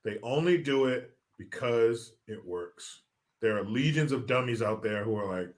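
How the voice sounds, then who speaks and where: A man's voice: medium pitch, animated, moderate pace. A man hosting a casual political talk show, exasperated and mocking, swearing freely as he reacts. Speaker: show host. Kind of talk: profane casual political commentary.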